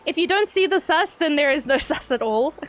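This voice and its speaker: Chatting live with her stream audience, a young woman speaks in a high, bright voice that's animated and fairly quick. She keeps things loose and playful, tossing out swear words and breaking into laughter.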